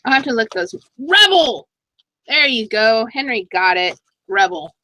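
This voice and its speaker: A middle-aged woman chatting casually in a thrift haul vlog, excitable and talking to herself as she goes through her finds. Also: on the high side, normal speed, dry recording, rough recording. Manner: chatty, excitable, talks to herself while browsing items. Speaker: thrift reseller vlogger.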